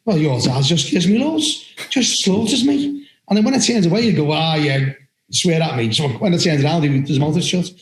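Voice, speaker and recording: A man co-hosting a podcast, telling blunt, animated stories and swearing now and then in casual chat. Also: sits high, a little fast, few pauses, slight background noise. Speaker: referee podcast co-host. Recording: roomy echo.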